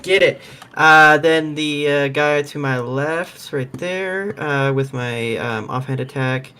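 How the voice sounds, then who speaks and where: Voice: medium pitch, slow, pushed and bright, clean tone. A tabletop game player talking in an easygoing, playful way. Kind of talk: casual tabletop play.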